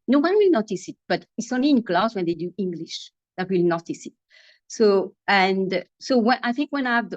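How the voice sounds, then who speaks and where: A woman's voice: medium pitch, darkish tone, no echo. Mauritian woman teacher, muffled call. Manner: thoughtful, many restarts while explaining. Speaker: English teacher. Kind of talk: video call interview answer. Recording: dry, muffled video call audio.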